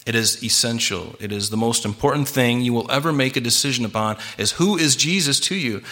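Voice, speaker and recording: A pastor delivers a sermon in an earnest, emphatic way, often restarting and repeating words for weight. His voice is bright and forceful, sitting at an ordinary middle pitch for a man. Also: fairly quick.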